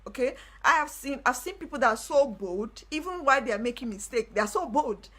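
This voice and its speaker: A young woman hosting a live stream, telling a personal story in casual talk with animated delivery and repeated phrases. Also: sits high, a little fast. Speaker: livestream host.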